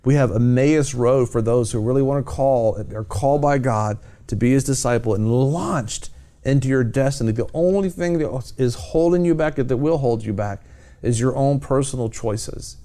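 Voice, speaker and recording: A man's voice: mid-range voice, normal speed, dark tone. A man hosting a Christian television program, talking about faith in a fervent, exhorting preacher's cadence. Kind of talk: evangelistic TV talk.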